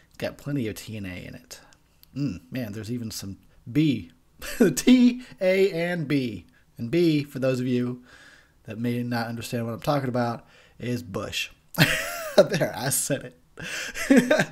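A young man giving a tipsy, profane movie commentary, rambling and laughing at his own jokes. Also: mid-range voice. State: tipsy from beer.

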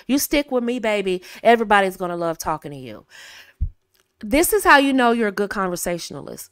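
A woman hosting a coaching talk for women. She is animated and acts out little dialogues in a sweet, high voice. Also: smooth, no echo, studio quality. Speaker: host.

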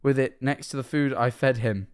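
Man, streamer, casual reactions, laughs a lot, swears, mid-pitched. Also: fairly even intonation, normal speed, smooth.

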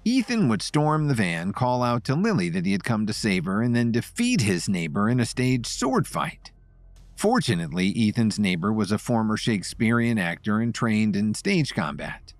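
A male narrator reads a scripted story in a low, animated voice that moves freely up and down. The recording is dry and close-miked. Faint music plays underneath. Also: moderate pace, dry recording.

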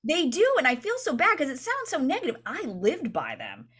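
A woman coaching real estate agents in a training session, energetic and chatty, often checking in with "right?". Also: high voice, moderate pace.

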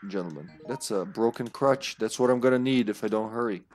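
A man's voice: on the low side, fairly quick, darkish tone, soft background music. A man streaming a game live, commenting with jokes, frequent swearing and laughter. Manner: joking, swearing, laughing often.

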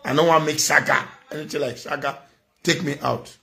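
A man's voice: a little high, fairly even intonation, a little fast, creaky, sharp tone. A middle-aged man with a Nigerian accent, giving a preachy, scolding monologue as a social media commentator. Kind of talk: impassioned monologue.

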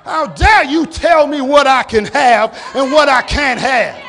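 A male pastor with an American accent preaching a sermon, often shouting and stretching out his words. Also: very high voice, over music, crowd noise. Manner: preaching with shouted, drawn-out exhortations. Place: church sanctuary.

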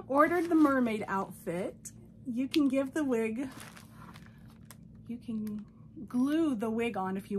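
A woman vlogging from home, gushing and excitable as she unboxes dolls and reads a friend's card aloud in casual chat. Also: fairly high pitch, slight background noise. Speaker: doll collector vlogger.

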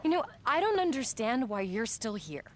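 An actress voicing a sharp-tongued female camp scientist who talks in a curt, exasperated way. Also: a little high, big pitch swings, moderate pace. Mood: indignant. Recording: game cutscene with music behind.

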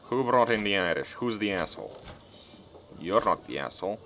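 A man's voice: fairly low pitch, lively intonation, normal speed, pushed and bright, soft background music. A man giving casual, profane gameplay commentary as a let's-player, talking back at the game as he plays.

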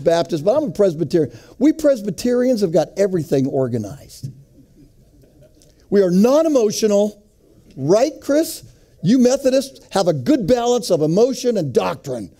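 A middle-aged man who speaks to men's ministries gives a joking, sermon-style talk to a men's group, frequently posing questions to the audience. His voice is high and mellow.

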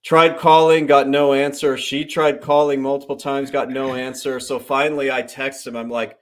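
A man at a middle pitch tells a travel story on a casual livestream. He acts out what people said in short quoted bits. He swears freely as the story goes on. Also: normal speed, hardly any pauses. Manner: swears freely, animated anecdote with quoted voices. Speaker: host.

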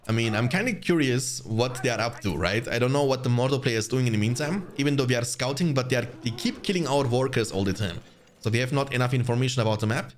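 A young man commentating his own strategy game match for viewers, chatty and quick to get excited. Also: mid-range voice. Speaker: gaming channel host. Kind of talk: live gameplay commentary.

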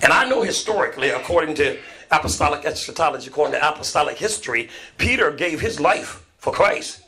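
With a fast delivery and a voice on the high side, this preacher gives a lively sermon. He recounts scripture in call and response, alternating between loud shouting and quiet, hushed storytelling.

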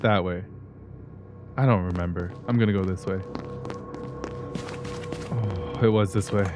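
A gaming YouTuber with a deep voice and fairly even intonation keeps a measured pace as he gives let's-play commentary on a horror game. He talks to himself and breaks into startled yelps and gasps, with game music in the background.

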